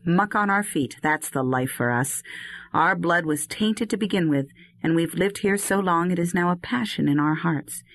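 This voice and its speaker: A woman's voice: low-pitched, fairly bright tone. A woman voicing a rugged young male herb harvester who chides and coaxes his dog. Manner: earnest, chiding, talks to his dog. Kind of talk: audiobook dialogue reading.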